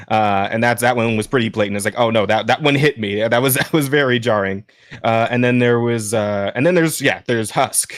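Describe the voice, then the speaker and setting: A man hosting a podcast in casual chat with a smooth voice. He rambles with many restarts. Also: on the low side, dry recording, clean studio sound. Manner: rambling, many restarts and fillers, laughs while talking. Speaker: podcast host.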